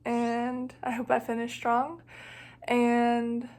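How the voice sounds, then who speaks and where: A woman's voice: a little high, completely flat delivery, slow, a little mellow. A young woman vlogging about her long-distance hike, talking in a thoughtful, rambling way full of "like" and "you know". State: emotional, near tears. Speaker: thru-hiker vlogger. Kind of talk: reflective casual vlog.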